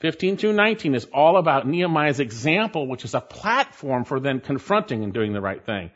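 A man's voice: mid-range voice, sing-song, a little fast, a bit bright. A man preaching an expository Bible sermon in an emphatic way, repeating his key points for stress. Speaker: pastor. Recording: dull lo-fi recording.

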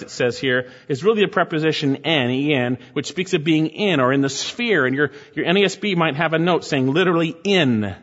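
Guy pastor preaching, rises high then drops way low, muffled sound, big echo in the hall. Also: fairly bright tone. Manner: expository preaching, swells and drops in emphasis. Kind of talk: sermon.

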